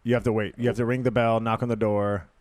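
A man's voice: fairly low pitch, flat delivery, quick pace, a little mellow, no room sound. A man co-hosting a podcast in casual chat, jumping in to add details and finish the stories. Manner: chatty, jumps in and finishes stories. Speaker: podcast co-host.

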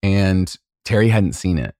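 Deep-voiced man gushing in casual chat. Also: expressive, a little slow, warm tone, no room sound, clean studio sound. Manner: emotional, gushing storyteller with many fillers. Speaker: podcast co-host.

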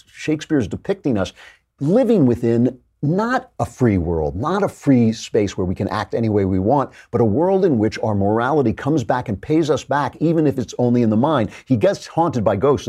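A man hosts a show and delivers emphatic, animated lecture-style commentary. His husky, dark-toned voice sits low, and his pitch swings widely as he stresses his points. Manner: emphatic and animated, with frequent restarts.

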